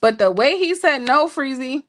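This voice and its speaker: A woman co-hosting a show, telling a story in a casual, playful way with laughing asides to listeners. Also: moderate pace. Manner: animated, jumps high when quoting people. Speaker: podcast co-host telling a story.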